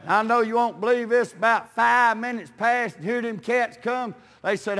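High, gravelly older preacher. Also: male voice, normal speed, few pauses, big-room sound. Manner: folksy storytelling, peppered with amens, rising to shouts. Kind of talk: sermon with personal testimony. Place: church sanctuary.

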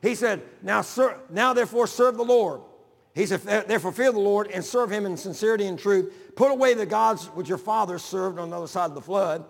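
An older man preaching a folksy sermon to his congregation, building to shouts. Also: high-pitched, fairly quick, vocal fry, hardly any pauses, in a large hall. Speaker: pastor.

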